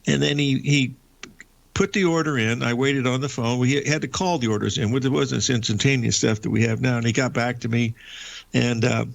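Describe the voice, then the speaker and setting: An older man with a gravelly, creaky voice tells a long, folksy anecdote as a show host. He rambles, restarts his sentences and turns aside to address his audience. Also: mid-range voice, fairly even intonation, moderate pace. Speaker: radio show host and veteran trader.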